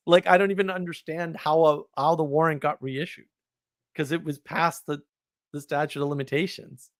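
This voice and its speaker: A man, telling a story on a live stream in an animated, indignant way. He laughs often and repeats words. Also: on the high side, moderate pace, dry recording. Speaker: podcast host.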